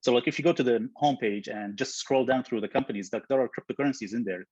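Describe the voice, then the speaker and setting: A man speaking as a guest in a casual interview, thinking aloud with many restarts. His voice is slightly husky and sits at an ordinary pitch. The sound is dry and a bit dull, as over a video call. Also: fast talker, darkish tone, no echo. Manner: thoughtful, many fillers and restarts. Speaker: guest, software co-founder.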